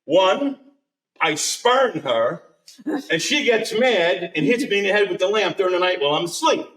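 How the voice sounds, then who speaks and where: An animated male storyteller spins a ghost tale before a live audience, his unusually high voice leaping up and down as he laughs along. He sounds set back from the mic in an echoey room. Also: moderate pace, distant mic. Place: curiosity shop event with live audience.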